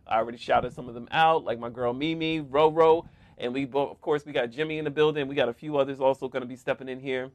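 A man's voice: medium pitch, fast talker, no room sound. Male podcast co-host, casual and jokey, laughs a lot, close dry mic. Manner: laughs often, animated and joking. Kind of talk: casual chat.

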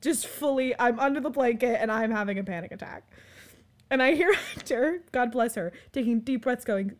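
A woman's voice: on the high side, moderate pace. Chatty woman telling a story. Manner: animated, filler-heavy, frequent "like". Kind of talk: casual storytelling chat.

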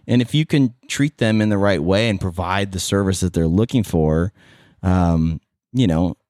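A man with a Californian accent and a low voice, telling stories on a podcast. He rambles, restarts sentences and throws in animated asides. The sound is dry and close to the mic. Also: normal speed, dry recording. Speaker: podcast guest, former radio host and event MC. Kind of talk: casual interview chat.

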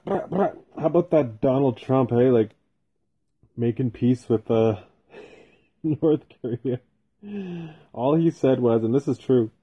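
A man with a mid-range, breathy-edged voice hosts a solo podcast from his home basement, rambling casually and swearing constantly. The recording has a tinny, phone-like sound.

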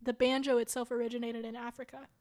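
A woman chatting casually about a film with a friend, animated and full of fillers. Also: a little high, quick pace.

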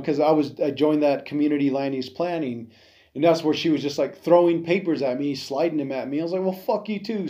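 A man's voice: a little high, mellow. A man hosting a podcast, delivering a bitter, profane monologue that rambles with many fillers. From Navajo Nation. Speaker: podcast host and veteran. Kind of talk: angry monologue.

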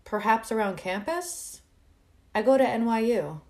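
A woman's voice: on the high side, expressive, unhurried, darkish tone, voice pushed up. A woman voicing a flustered, charming young male college student who is apologetic and bashful, in a read-aloud story.

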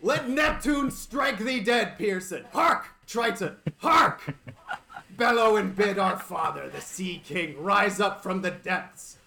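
Man doing a gravelly, raging old lighthouse keeper. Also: expressive, noisy background, full character voice. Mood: furious. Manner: theatrical, drawn-out booming delivery.

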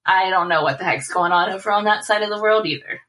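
A woman's voice: medium pitch, fast talker, pushed and bright, low-quality recording. A woman guest talking casually, enthusiastic and effusive, often filling with "like" and "um". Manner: enthusiastic and effusive, lots of fillers like "like" and "um". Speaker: guest, small business owner. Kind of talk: casual chat.

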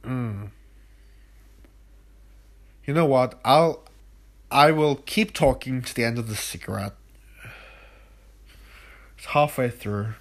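A man's voice: medium pitch, slow, long pauses. A man alone at home late at night, hosting his own podcast as he smokes. He is sick and tired, his nose runny and a cough close by, and his mid-range voice drifts loosely from one thought to the next while he teases himself. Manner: playful, rambling, self-mocking, repeats sung "ooh yeah". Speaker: podcast host. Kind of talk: rambling solo podcast monologue. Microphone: phone recording.

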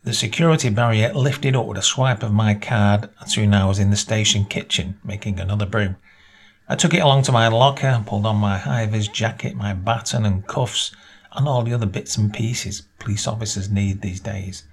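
Husky male story narrator. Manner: measured storytelling, voices dialogue with small pitch lifts. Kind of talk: reading a short story aloud.

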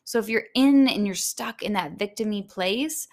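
A woman coach giving a self-help talk, gentle and earnest, speaking straight to the listener. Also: mid-range voice, moderate pace.

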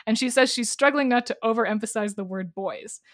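Female podcast co-host, enthusiastic recapper, slightly high pitch. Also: fairly quick, dry recording, studio quality. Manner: enthusiastic, summarizes chapters. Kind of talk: casual book discussion podcast.

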